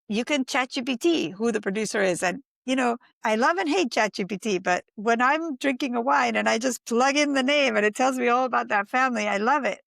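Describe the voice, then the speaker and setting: A woman's voice: on the high side, gravelly, no room sound. A woman from Argentina, a winemaker guest on a podcast, telling stories with animation and acting out what others said. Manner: animated storyteller, acts out quoted voices. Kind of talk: casual interview talk.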